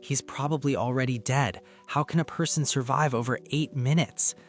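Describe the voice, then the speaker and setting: A man voicing a panicky, cowardly young man who turns shrill and hysterical. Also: normal speed, soft background music, natural voice. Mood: muttering. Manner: nervous, rising to shrill yelling.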